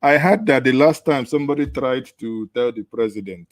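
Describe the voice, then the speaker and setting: A man with a Nigerian accent hosts a satirical call-in show, taking callers and poking fun at the news with sarcastic jokes. His voice sits at medium pitch and moves at a normal speed, with no room sound.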